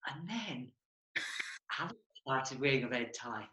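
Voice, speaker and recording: A man's voice: medium pitch, very animated, unhurried, roomy sound, noisy background. A man casually reminiscing about a stage routine, playful and self-mocking. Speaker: former stage partner, performer.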